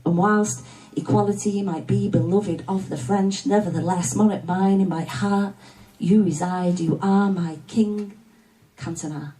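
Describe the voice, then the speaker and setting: A woman's voice: mid-range voice, steady tone, measured pace, dark tone. Mancunian woman reciting spoken-word poetry. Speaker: poet. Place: live music studio venue. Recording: distant live room sound.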